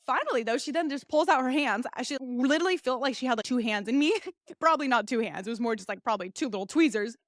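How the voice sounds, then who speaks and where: A woman's voice: high-pitched, lively intonation, quick pace, no room sound, clean studio sound. A young woman hosting a podcast, telling a personal story in a candid, blunt, crude way. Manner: candid, blunt and crude, acts out the nurses' soothing voices. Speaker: podcast host. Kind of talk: casual storytelling monologue.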